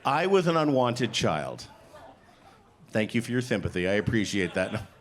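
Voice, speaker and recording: Animated stand-up comedian. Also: male voice, on the low side, moderate pace, a little hiss or hum. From Canada. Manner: playful, deadpan punchlines, acts out both sides of dialogue. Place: comedy stage before a live audience.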